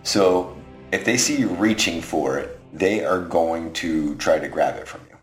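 Deep-voiced man running a tabletop game. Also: measured pace, soft background music. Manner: loose, rambling, restarting narration. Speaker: game master.

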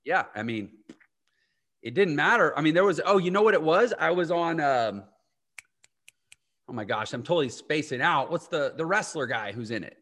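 Speaking at a moderate pace with long pauses, this man has an animated, somewhat bright voice on the high side. He hosts a casual podcast interview, wandering through anecdotes and frequently cutting himself off.

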